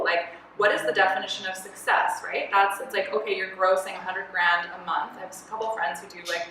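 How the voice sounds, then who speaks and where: Bright-toned and brisk with a medium pitch, a Canadian woman guest chats animatedly in a candid interview about her work as an artist and designer. She laughs often and fills her stories with fillers. The event space has a big echo, a distant mic and faint noise.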